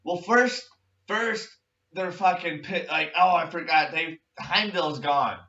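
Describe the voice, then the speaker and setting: Young guy ranting about a movie, swears a lot, bright sound, echoey room, sits back from the mic. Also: on the high side, slow, far from the mic. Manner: rambling, profane, retells scenes with quoted voices. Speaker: podcast host. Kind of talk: casual movie review chat. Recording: lo-fi, roomy, from off-mic.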